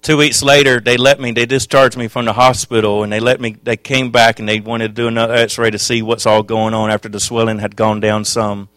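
A man preaching a sermon, telling his own testimony with passion, dropping to a hush and then rising loud. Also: mid-range voice, little pitch movement, fairly quick, few pauses, no room sound. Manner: impassioned, swings from hushed to loud.

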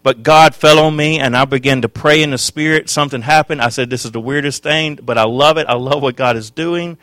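A man preaching a sermon, telling his own testimony with passion, dropping to a hush and then rising loud. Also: medium pitch, fairly quick, no echo. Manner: impassioned, swings from hushed to loud.

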